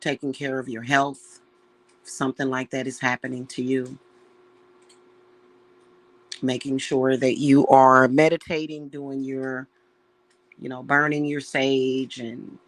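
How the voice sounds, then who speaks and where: Speaking in a bass voice with little pitch movement, a witch and reader chats casually with her audience about spiritual matters. Her delivery is slow, emotional, and sincere, and she addresses everyone as y'all.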